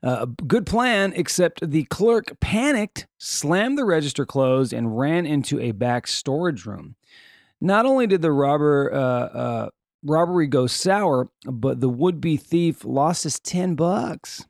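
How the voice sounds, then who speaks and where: A man's voice: on the high side, lively intonation, slow pace, gravelly, no echo, studio quality. A man hosting a podcast, reading odd news stories and adding joking, off-the-cuff asides. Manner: reads odd news items then riffs jokingly. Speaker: podcast host. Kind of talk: casual news commentary.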